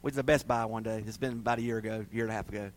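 A man's voice: lowish voice, steady tone, very fast. A male pastor preaching a sermon in a folksy, storytelling way, often laughing at himself.

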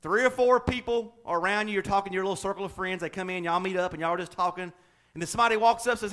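A man preaching a folksy, lively sermon as pastor, laughing and acting out everyday examples. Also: sits high, rapid-fire.

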